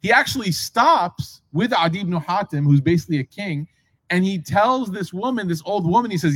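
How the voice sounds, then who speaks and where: Relaxed man telling a sermon story. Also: high-pitched, normal speed, breathy edge, no room sound. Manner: casual, acts out dialogue, asks the audience questions. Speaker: Islamic preacher.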